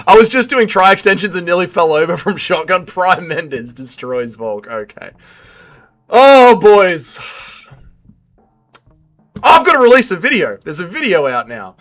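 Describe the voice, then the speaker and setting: A man's voice: high-pitched, big pitch swings, fairly quick, few pauses, bright, forceful tone. Swearing young man streaming. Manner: swears a lot, swings from ranting to mumbled apologies. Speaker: livestream host reading chat. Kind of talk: casual livestream chat.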